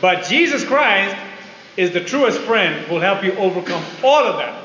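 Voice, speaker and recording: A man's voice: high-pitched, animated, normal speed, a bit bright. A man preaching a sermon to an audience in a large hall, emphatic and repeating key phrases, on a dull lo-fi recording with faint hiss.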